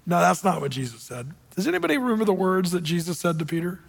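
A male pastor preaching a sermon in a church, telling stories dramatically and dropping from loud to hushed. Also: high voice, sing-song, fast, gravelly, breathy edge. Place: church sanctuary with congregation. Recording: long reverb in a large hall.

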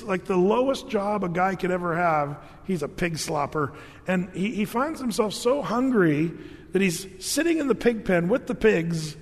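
A man preaching a sermon, telling jokes and stories in a casual, animated way. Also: high-pitched, big-room sound. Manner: storytelling, animated with jokes and asides. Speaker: pastor.

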